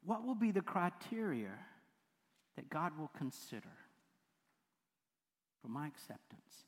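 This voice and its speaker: Chatty pastor in a reverberant hall. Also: male voice, on the high side, very animated, a little slow. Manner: chatty, laughs often, breaks off mid-sentence. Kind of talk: sermon. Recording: long reverb of a large hall.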